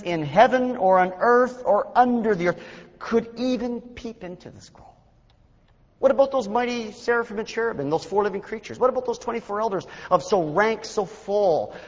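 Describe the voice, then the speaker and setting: High-voiced preacher in an echoing hall. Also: male voice, animated, moderate pace. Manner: dramatic rises and hushed drops in delivery. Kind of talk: sermon. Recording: dull lo-fi recording with long hall reverb.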